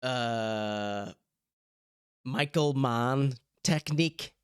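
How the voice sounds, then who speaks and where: A man's voice: mid-range voice, extremely slow, a little hiss or hum. A man giving teasing, chatty live-stream commentary on clips. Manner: teasing, chatty, mock-outraged asides.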